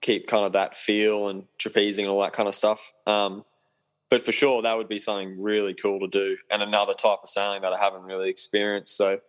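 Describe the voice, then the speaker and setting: A man's voice: fairly low pitch, little pitch movement, fairly quick, low-quality recording. A young man chatting casually as a podcast guest, laid-back and rambling with lots of ums. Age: young adult. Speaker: guest, professional sailor.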